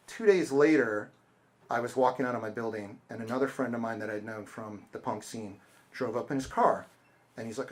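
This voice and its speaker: A middle-aged author gives a casual talk with audience Q&A in a bookstore event space, telling stories and acting out the people he quotes. He speaks fast, with medium pitch and a darkish tone.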